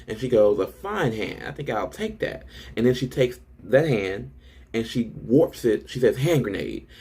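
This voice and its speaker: A young man casually recapping a manga chapter and reacting to it, excited and profane, with lots of "um"s and restarts. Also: on the low side.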